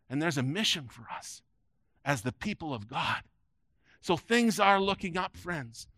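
A man's voice: on the high side, fairly bright tone, no echo. Emphatic male preacher, dry close sound. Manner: emphatic preaching with rising peaks and dropping phrase ends. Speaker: pastor. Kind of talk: sermon. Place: church sanctuary before a congregation.

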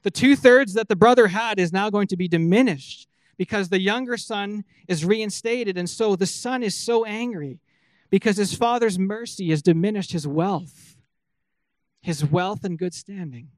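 A man with a notably high voice delivers an earnest sermon, pressing his points home and asking his listeners questions as he teaches. The recording is dry and close, with no room sound. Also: moderate pace, dry recording. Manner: earnest, emphatic preaching with rhetorical questions. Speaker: pastor.

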